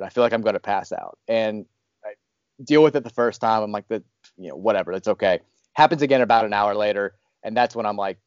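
A man in his thirties telling a story in a casual, animated way, with many restarts and fillers. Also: lowish voice, no room sound, muffled recording.

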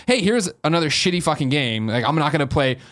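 A man co-hosts a gaming podcast, rambling casually and animatedly while swearing freely. His voice is a little high, and he talks fast.

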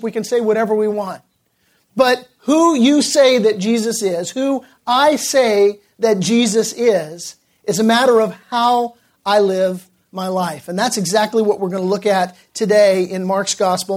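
A male pastor preaching a sermon, telling a story with many filler pauses and slowing down for emphasis. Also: high voice.

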